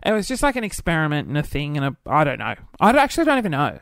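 A man's voice: a little high, huge pitch swings, vocal fry, fairly bright tone, no room sound. Camp chatty young man, dry close mic. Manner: camp, chatty and flamboyant, quick asides. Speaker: podcast host. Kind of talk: casual solo podcast chat.

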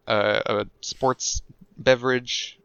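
A man co-hosting a comedy podcast, talking in halting starts between bursts of laughter. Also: mid-range voice, fairly even intonation, fairly bright tone, clean tone, dry recording, lo-fi sound. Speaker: podcast co-host. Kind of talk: casual comedy podcast banter.

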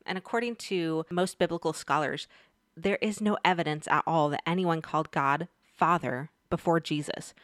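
Woman doing a casual bible lesson, kinda low voice, chatty, asks her viewers stuff, dry sound. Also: normal speed, a bit bright, no echo. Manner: chatty, speaks straight to viewers with questions. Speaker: Bible teacher. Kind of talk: casual devotional teaching.

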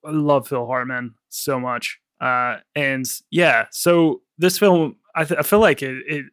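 A man's voice: mid-range voice, unhurried, fairly bright tone, no room sound, clean studio sound. A man co-hosting a film podcast in casual chat, rambling with plenty of "like" fillers. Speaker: podcast co-host.

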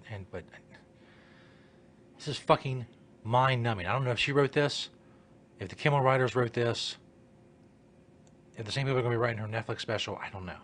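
A man's voice: medium pitch, fairly bright tone, a little hiss or hum. A man giving exasperated, sarcastic reaction commentary, swearing and muttering.

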